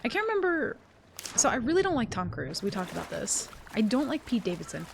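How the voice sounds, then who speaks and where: Gravelly-voiced woman ranting on stream. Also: fairly high pitch, fairly quick, background noise. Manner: rambling, profane and animated. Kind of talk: casual live-stream chat.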